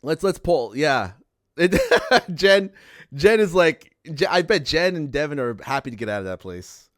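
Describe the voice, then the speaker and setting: Loud, animated man hosting a podcast. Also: on the high side, moderate pace. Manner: loud, animated, repeats himself. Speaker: podcast host. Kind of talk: casual livestream chat.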